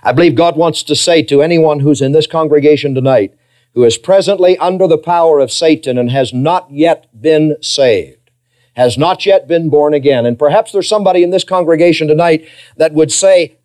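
Impassioned preaching man, dark mellow voice. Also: normal speed. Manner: impassioned preaching, swings between loud emphasis and hushed low phrases. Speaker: pastor. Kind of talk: sermon. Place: church.

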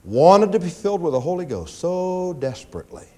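A pastor preaching a sermon in church, animated and often mimicking whining prayers. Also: male voice, a little fast. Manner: animated preaching, acts out pleading prayers in a high whine.

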